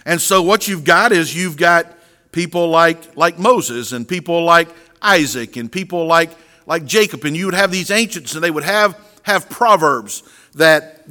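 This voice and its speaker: A high, bright male voice belongs to a middle-aged pastor delivering an earnest sermon. He keeps doubling back on words as he restarts his sentences. His voice rings out with a long reverb from a large hall. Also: normal speed.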